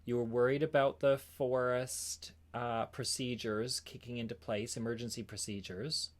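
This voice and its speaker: A man's voice: medium pitch, steady tone, moderate pace. A man hosting a casual interview, reacting briefly and easygoingly to a guest's story. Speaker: podcast host.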